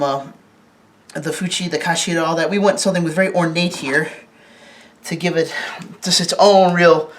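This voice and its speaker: Here a host with a mid-range, fairly bright voice chats his way through an on-camera sword review. The talk wanders and stalls, with many restarted sentences and questions directed at whoever is filming.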